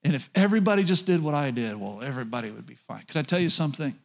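A man's voice: medium pitch, lively intonation, very fast, gravelly. A middle-aged man preaching a sermon as pastor, talking straight to his congregation and often asking them questions.

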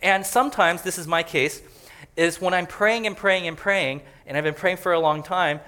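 A man's voice: sits high, moderate pace, pushed and bright. A man preaching a conversational sermon as a pastor, joking and chatty as he explains a passage. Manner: joking and chatty, laughs often.

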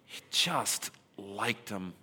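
A male preacher speaks in a bright, forceful voice, casual and emphatic by turns, leaning on pauses for effect. A long hall reverb follows every phrase. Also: lowish voice, animated, breathy edge. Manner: conversational and emphatic, with dramatic pauses. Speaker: pastor. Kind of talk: sermon.

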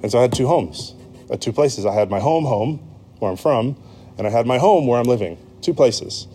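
An American pastor from the United States gives a sermon in a relaxed, conversational manner, with slight background noise. His mid-pitched voice is warm and mellow rather than bright, and he pauses on ums and corrects himself mid-sentence while explaining.

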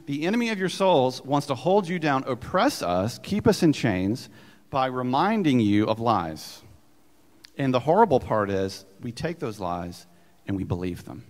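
A man's voice: mid-range voice, very animated, measured pace. Emphatic male pastor in a reverberant hall. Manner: earnest, emphatic preaching with conversational asides. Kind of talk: sermon. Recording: long reverb of a church hall.

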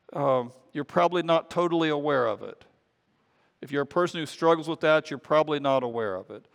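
A man's voice: a little high, gravelly. A man preaching a conversational sermon as pastor, often repeating words as he goes. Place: church sanctuary. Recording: long reverb of a church hall.

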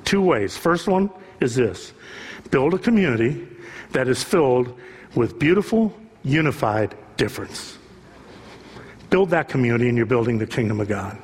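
A man's voice: medium pitch, expressive, moderate pace, husky. A male pastor preaching an impassioned sermon, building at times to a raised voice. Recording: long reverb of a large hall.

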